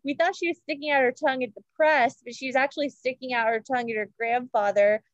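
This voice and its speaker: A woman's voice: sits high, fairly even intonation, quick pace, no room sound, muffled recording. A woman co-hosting a podcast, chatting in a gushing way with lots of fillers and restarts. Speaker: podcast co-host. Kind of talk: casual chat about royal news.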